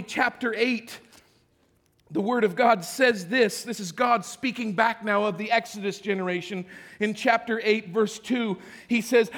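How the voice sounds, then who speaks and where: A man preaching a sermon as pastor, swinging between loud cries and hushed whispers in short repeated phrases. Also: very high-pitched. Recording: long hall reverb.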